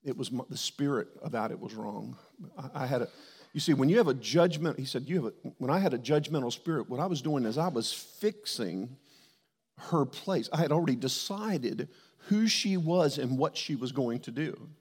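A middle-aged man preaching a sermon, telling a candid personal story and breaking into loud quoted outbursts. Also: medium pitch, lively intonation, normal speed, slightly rough. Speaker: pastor. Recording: long hall reverb.

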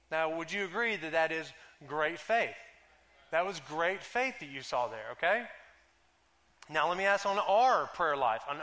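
Man, preacher, sermon, bright tone, casual humor, slow scripture reading. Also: high-pitched. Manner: conversational and joking, drags out scripture lines slowly. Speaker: pastor.

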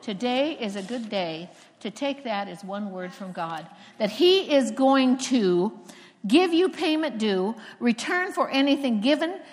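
A fairly high-pitched woman preacher, originally from Florida, delivers a sermon in a storytelling way, leaning on emphatic, dramatic pauses. Her voice rings out with a long reverb, as if recorded in a large hall. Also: a bit bright. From Florida, USA.

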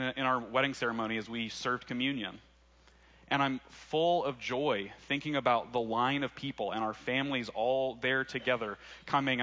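A man's voice: mid-range voice, pushed and bright, dull audio. A young man from Arkansas, preaching a sermon in a casual, conversational way with laughing asides. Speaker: pastor.

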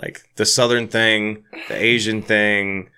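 A man's voice: lowish voice, flat delivery, slow pace, pushed and bright, clean tone. A man co-hosting a casual podcast chat while drinking whiskey, joking around and swearing freely. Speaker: podcast co-host.

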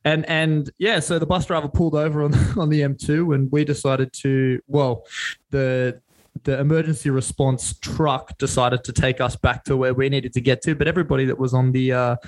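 A man's voice: mid-range voice, little pitch movement, normal speed, low-quality recording. A young Australian man, a podcast co-host telling a drinking story in casual chat, rambling and self-mocking, with frequent swearing.

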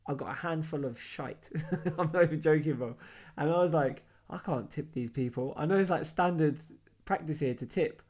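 A young man with a London accent and a fairly high voice tells stories in a casual chat. He acts out the dialogue as he goes, with laughter breaking in now and then. His delivery is lively and full of banter. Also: normal speed. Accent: London English. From London, England. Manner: animated storyteller, acts out quoted dialogue, laughs often.

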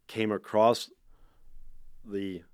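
A man guest on a podcast, telling a story in a loose, animated way and stumbling over repeated words. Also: fairly low pitch, very slow, smooth, no room sound, studio quality. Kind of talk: casual storytelling.

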